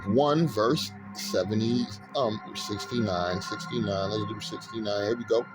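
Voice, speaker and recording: A male preacher works through scripture in a loose, slangy way, pausing to find his verses. He reads the old passages aloud and then climbs into loud, fervent commentary, laughing as he goes. Music plays clearly beneath his voice the whole time. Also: lowish voice. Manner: casual slangy talk, unhurried while looking up verses. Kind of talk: street sermon reading scripture. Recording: music playing under the voice. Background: music bed.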